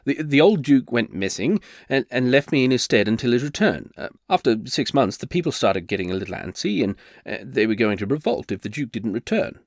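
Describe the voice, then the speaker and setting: A man's voice: mid-range voice, big pitch swings, brisk, few pauses, no room sound, clean studio sound. A man voicing a flustered male bard turned reluctant duke, who stammers and hesitates nervously.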